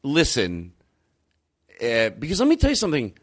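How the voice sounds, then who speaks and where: A man hosting a podcast, ranting, swearing and jumping his pitch for emphasis. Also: huge pitch swings, moderate pace. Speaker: podcast host. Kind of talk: heated podcast rant.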